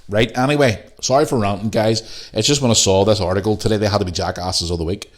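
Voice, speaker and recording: A man's voice: on the low side, fast talker, hardly any pauses. A man with a Northern Irish accent hosting a solo podcast, ranting bluntly and swearing freely. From Northern Ireland. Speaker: podcast host.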